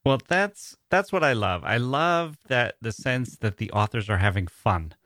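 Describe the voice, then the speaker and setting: A man hosting a conversational interview, agreeable and quick to laugh along. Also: medium pitch, animated, fairly bright tone, no room sound, studio quality.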